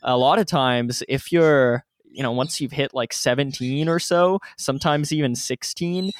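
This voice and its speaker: Slow, word-searching man discussing film. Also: medium pitch, dry recording. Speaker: podcast co-host. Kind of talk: casual movie review chat.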